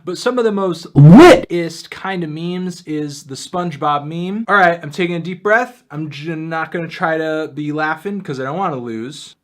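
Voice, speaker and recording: A man doing a jokey try-not-to-laugh challenge commentary, excitable, breaking into yelps and shouted laughs. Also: on the high side, moderate pace, hardly any pauses. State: in pain from a self-inflicted penalty. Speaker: YouTuber.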